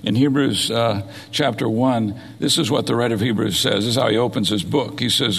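A man's voice: mid-range voice, brisk, creaky, few pauses, husky, big-room sound. A man preaching a sermon, reading scripture aloud and explaining it verse by verse. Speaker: pastor.

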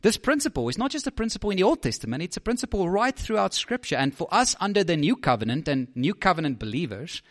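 A man preaching a sermon, lively and emphatic, often repeating words and asking "right?". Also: sits high, fast, few pauses.

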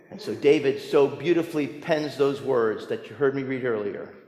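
A man preaching a sermon as pastor, telling stories with humor, rising to emphatic points and dropping soft. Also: mid-range voice, moderate pace, hardly any pauses. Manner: storytelling with humor, emphatic rises and soft drops. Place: church sanctuary. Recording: roomy church with long reverb.

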